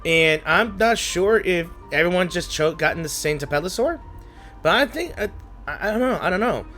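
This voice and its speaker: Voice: mid-range voice, expressive, normal speed, fairly bright tone, soft background music. A gaming host commenting on a story game in a casual, rambling, unsure way, often trailing off and restarting thoughts, emotional and close to tears. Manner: emotional, says they feel like crying.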